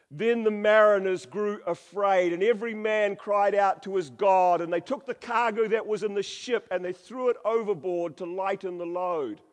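High-voiced preacher in a reverberant hall. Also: male voice. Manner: dramatic, humorous, varies voice for quotes. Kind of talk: sermon with Bible reading.

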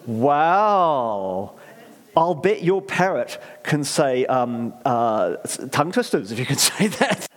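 Chatty New preacher, animated pitch. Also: male voice, slow. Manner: rambling, chatty, many fillers and restarts, asks the audience questions. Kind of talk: conversational sermon. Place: church. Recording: reverberant church hall.

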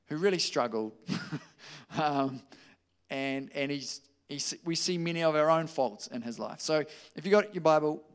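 A man preaching a conversational sermon, lively and informal, slipping into quoted voices. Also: fairly high pitch, clear, resonant tone. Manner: conversational, animated, with restarts and acted quotes.

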